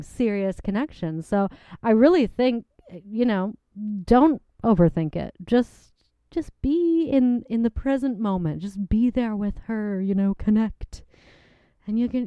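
Encouraging woman host, mellow voice. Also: fairly high pitch, clear, resonant tone, no room sound. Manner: supportive, encouraging. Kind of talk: casual comedy interview. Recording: dull lo-fi recording.

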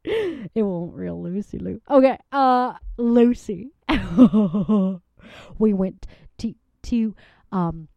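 A woman's voice: medium pitch, lively intonation, very slow, creaky, dry recording, heavily acted. A woman playing a folksy, lovestruck woman who rambles, gushes and gets tearful in a comedy bit. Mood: gushing. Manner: rambling, gushing, tearful, dialect-heavy. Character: folksy lovestruck Southern woman, giddy and emotional. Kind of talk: improvised comedy character bit. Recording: dull lo-fi recording.

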